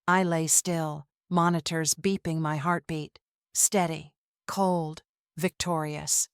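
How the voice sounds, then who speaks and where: A woman storyteller reading a tense drama in short, measured phrases. Her voice sits fairly low and moves at an unhurried, very slow pace. The recording is dry and close. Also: fairly even intonation, smooth, no echo. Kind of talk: scripted dramatic narration.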